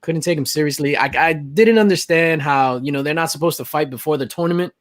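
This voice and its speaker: A man's voice: fairly high pitch, fast, dry recording. A man hosting a casual live stream, chatting animatedly, laughing and reading out viewer comments. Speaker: host of a live stream show.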